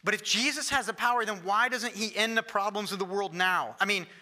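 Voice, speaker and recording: A man preaching a sermon in a conversational, lively way. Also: sits high, brisk. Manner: conversational and lively, acting out quoted voices.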